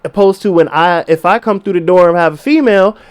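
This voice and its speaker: A young man with a high voice talks straight to his listeners in a loose podcast monologue. He swears freely and slips into voices of the people he describes, and his delivery stays casual and animated. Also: quick pace, clear, resonant tone. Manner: profane, animated, acts out quoted voices. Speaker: podcast host.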